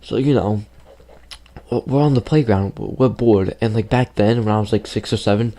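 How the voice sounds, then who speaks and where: A man with a somewhat low, warm and relaxed voice tells a story straight to camera. His delivery is loose and rambling, with lots of "like" and "you know." It sounds like a casual video chat with his viewers. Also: moderate pace. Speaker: gaming YouTuber telling a childhood story.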